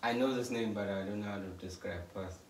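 A young man with a lowish voice, giving offhand hints and laughing through a party game with family. He sits away from the mic in a roomy space, with faint noise around him. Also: steady tone, fast. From South Africa. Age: young adult. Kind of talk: casual family game chat. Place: home room indoors at night. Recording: roomy, distant home recording.

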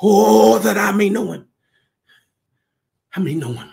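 A male pastor preaching a sermon with impassioned fervor, his voice breaking into cries and shouts. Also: high voice, lively intonation, measured pace, vocal fry, long pauses. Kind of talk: Pentecostal-style preaching.

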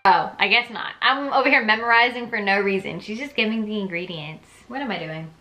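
A woman's voice: medium pitch, brisk, bright, forceful tone, echoey room, soft background music. A young woman reads aloud the dialogue of a story game, breaking in with chatty, reactive comments of her own. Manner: chatty and reactive, switches between reading and commenting. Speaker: gaming YouTuber reading a story game aloud.

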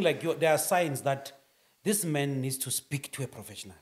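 A man's voice: medium pitch, expressive, normal speed. A man hosting a casual interview and pushing his guest with teasing questions. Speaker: podcast host.

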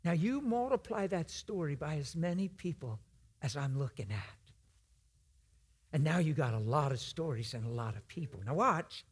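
A man's voice: on the high side, lively intonation, normal speed, husky. A man preaching in a church, telling a story in an earnest, conversational way. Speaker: guest preacher. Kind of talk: storytelling sermon.

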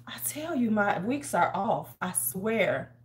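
With a medium pitch that swings widely, she talks slowly against a noisy background. She's an American woman hosting an easygoing beauty livestream from home in winter, chatting, naming viewers as she greets them and talking to herself as she works.

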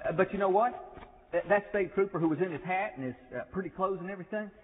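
A man plays an easygoing small-town Southern sheriff spinning a yarn in a folksy drawl, pitched fairly high. The sound is tinny and rings with a long chapel echo. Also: fast talker, a little hiss or hum, natural voice. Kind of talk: comic chapel skit. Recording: tinny echoey chapel recording.

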